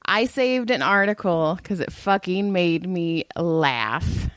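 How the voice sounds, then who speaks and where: A woman's voice: lowish voice, expressive, slow pace, clean tone, no room sound, clean studio sound. A woman co-hosting a casual home podcast who laughs often while reading a news story aloud. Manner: giggly, reads news aloud. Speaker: podcast co-host.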